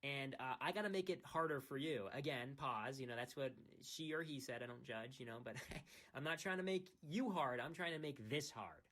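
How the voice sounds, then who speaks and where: A man's voice: mid-range voice, normal speed, fairly bright tone. A young man from the United States, rambling in a self-mocking, teasing way, talking late at night into his phone microphone. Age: young adult. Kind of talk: casual rambling monologue.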